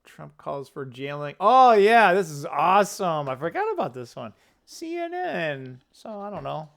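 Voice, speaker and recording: An opinionated male vlog host talks off the cuff about current events. He rambles, doubles back to correct himself and tosses in quick asides. His voice is slightly high and swings widely in pitch. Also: very animated, creaky, a bit bright. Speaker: political commentary channel host. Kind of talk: casual political commentary vlog.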